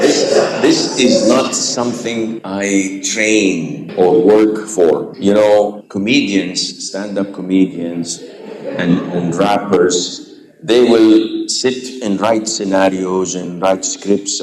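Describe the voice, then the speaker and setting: Frank, animated male preacher in a roomy space. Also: fairly low pitch, slow pace. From Indonesia. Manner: frank and animated, mixing in Arabic phrases. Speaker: Islamic preacher. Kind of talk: candid talk about his humor.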